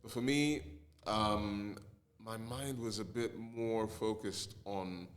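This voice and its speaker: A man from Nigeria, a musician guest, talking in a relaxed podcast chat, full of fillers and restarts. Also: lowish voice, takes it slowly.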